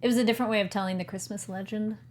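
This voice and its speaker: A woman's voice: mid-range voice, steady tone, very fast. A woman co-hosting a casual movie chat, talking in chatty slang with plenty of laughs. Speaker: co-host.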